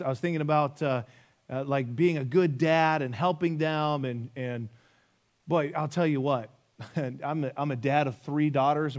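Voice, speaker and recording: A man in his thirties preaching a sermon, emphatic, repeating key phrases and asking rhetorical questions. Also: medium pitch. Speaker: pastor.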